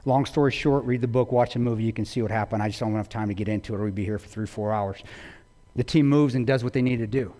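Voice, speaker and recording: Intense man telling a war story in a hall. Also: fast talker. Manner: intense, swinging between loud bursts and hushed low lines. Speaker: guest speaker. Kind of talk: storytelling talk to an audience. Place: large auditorium. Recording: long hall reverb.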